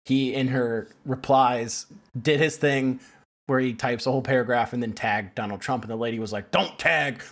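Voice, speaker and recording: A man's voice: mid-range voice, steady tone, normal speed. A man co-hosting a casual podcast chat, telling stories with a laugh and mimicking the people in them. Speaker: podcast co-host.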